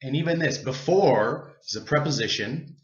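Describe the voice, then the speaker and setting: A man teaching an English pronunciation lesson, slow and deliberate, drawing out sounds for learners to repeat. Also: mid-range voice, roomy sound, muffled recording.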